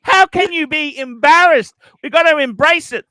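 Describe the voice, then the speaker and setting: A man's voice: very high voice, normal speed, pushed and bright, no room sound. A man hosting a livestream chat, rambling, swearing and complaining that nobody appreciates him, heard over a video call. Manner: complaining, swearing, self-pitying. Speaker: livestream host.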